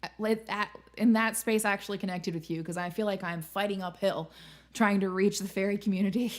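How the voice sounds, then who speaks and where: A young woman talks through her live stream in a loose, chatty way. She is candid and unfiltered, swearing casually now and then. Her voice sits at an ordinary middle pitch. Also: steady tone, fairly quick. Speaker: streamer and host.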